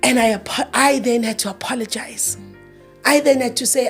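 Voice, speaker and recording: A grieving woman in her thirties tells her story as an interview guest, emotional and repeating herself while acting out past arguments in quoted dialogue. Her voice is on the high side at a normal speed, over soft background music.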